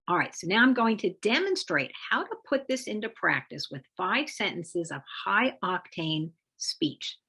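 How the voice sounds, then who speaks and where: A middle-aged woman presenting a parenting webinar, explaining steps in a measured way and sometimes lifting her voice for emphasis. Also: on the low side, husky. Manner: measured, explanatory delivery with occasional lively emphasis. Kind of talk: instructional talk with demonstration phrases.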